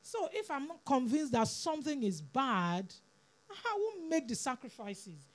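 A woman's voice: sits high, sing-song, unhurried. A woman preaching a sermon, earnest and pleading, repeating words for emphasis.

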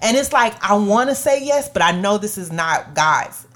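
A woman's voice: medium pitch, animated, normal speed, a bit bright. A woman co-hosting a faith podcast, talking in an earnest, emotional, prayerful way. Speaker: podcast co-host.

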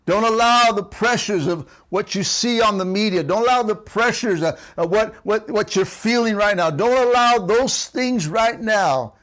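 A man's voice: high voice, moderate pace, few pauses, a bit bright. A man pastor preaching a sermon for an online service, calling repeatedly for amens and urging his listeners on. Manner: calls for audience response, repetitive and exhorting. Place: church service streamed online.

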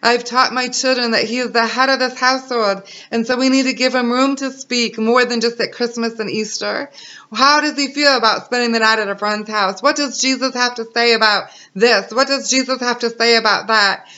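A woman's voice: fairly high pitch, fairly even intonation, moderate pace, bright, forceful tone. A woman in her thirties sharing an emotional personal faith testimony as a mother, earnest and encouraging. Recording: dull lo-fi recording.

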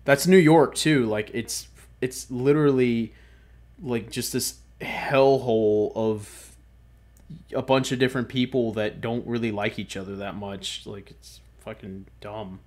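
A man's voice: medium pitch, steady tone, a little slow. A man co-hosting a podcast, talking in a rambling, profane, casual way. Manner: rambling, profane, swings loud. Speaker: podcast co-host. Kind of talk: casual chat.

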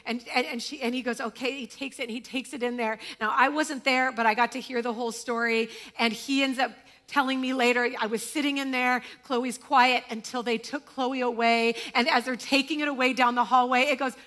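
A woman's voice: on the high side, moderate pace, pushed and bright. A middle-aged woman pastor giving a sermon in a church, telling a story conversationally and acting out the quotes.

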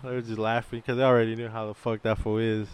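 A man's voice: lowish voice, little pitch movement, quick pace, smooth. A man co-hosting a podcast, telling loose, profane stories among friends. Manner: loose, profane storytelling with acted quotes. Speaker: podcast co-host. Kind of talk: casual storytelling among friends.

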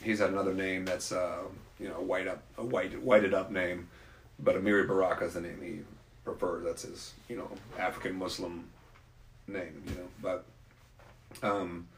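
A man with a slightly low voice chats in a loose, rambling, opinionated way. His voice carries a roomy echo, as if recorded in an open room. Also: level tone, normal speed. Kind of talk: casual conversation.

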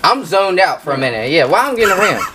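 A man in casual chat, animated, asking questions and swearing casually. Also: sits high, fast talker, crowd noise.

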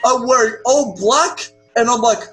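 A young Australian man in casual chat, telling an animated story with lots of swearing. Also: very high voice, measured pace, music in the background, rough recording. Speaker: podcast guest.

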